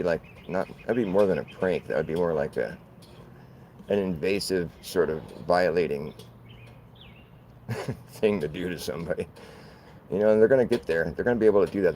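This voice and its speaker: A man's voice: sits low, fairly quick, a little mellow, slight background noise, low-quality recording. A man talking in a loose, rambling monologue, laughing often and swearing casually as he goes. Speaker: channel host.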